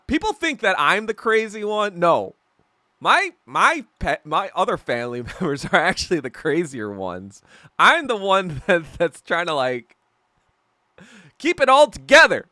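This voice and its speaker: Between bites on a laid-back livestream, a young podcaster spins rambling tales full of laughter and swearing. His fairly high voice is bright and forceful, and the recording is dry.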